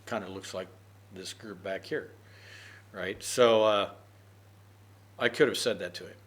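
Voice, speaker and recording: A man's voice: lowish voice, fairly even intonation, unhurried, a little hiss or hum. Rambling man teaching an idiom. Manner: rambling, with many fillers and "right?". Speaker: English teacher. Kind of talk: unscripted idiom lesson.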